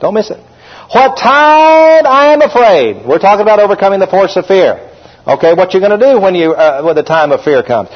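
A man preaching a lively sermon as pastor, calling out to his congregation. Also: sits high, fast talker. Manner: animated preaching, calls out to the congregation. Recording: dull lo-fi recording.

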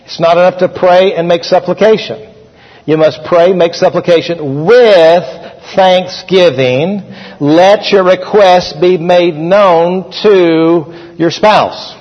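Husky-voiced pastor preaching in a hall. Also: male voice, high voice, takes it slowly. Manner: conversational preaching with call-and-response. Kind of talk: sermon. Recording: dull, echoey hall recording.

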